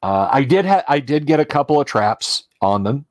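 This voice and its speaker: A man's voice: mid-range voice, very animated, normal speed, no echo. A man hosting a casual livestream as game master, talking in a rambling, chatty and self-deprecating way, his voice tired from talking all day.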